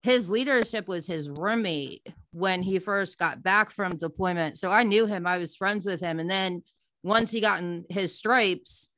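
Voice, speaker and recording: A woman hosting a casual podcast, telling stories in an animated, blunt way and swearing freely. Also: fairly low pitch, measured pace.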